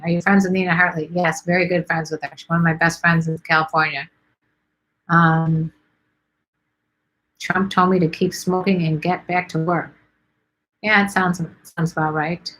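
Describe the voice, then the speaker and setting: A middle-aged woman from Chicago answers viewer questions on a casual livestream. Her voice sits a little low, and she talks bluntly with lots of fillers. She is losing her voice and sounds hoarse. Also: little pitch movement, normal speed, pauses often, a bit bright, rough recording. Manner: chatty and blunt, with many fillers.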